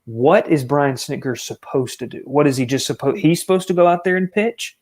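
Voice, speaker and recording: A man co-hosting a casual sports talk show, ranting with animated exasperation. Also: on the high side, a little fast. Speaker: co-host.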